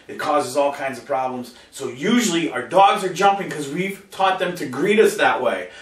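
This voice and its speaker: A male dog trainer giving an animated lesson to camera and checking in with listeners, often slipping into high voices to quote dog owners. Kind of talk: instructional talk to camera. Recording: roomy sound from a distant mic.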